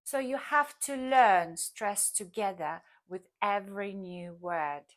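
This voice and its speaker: A woman teaching a language lesson, speaking in a careful, clearly enunciated way. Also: medium pitch, slow pace.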